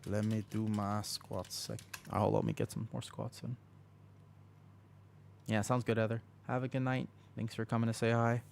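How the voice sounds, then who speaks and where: A man livestreaming a game, chatting casually and playfully with viewers while keeping his voice quiet to rest a sore throat, close to his desk microphone. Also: mid-range voice, steady tone, normal speed, creaky, long pauses, a little hiss or hum. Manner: playful, chatty, talks to chat by name. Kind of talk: casual chat while gaming.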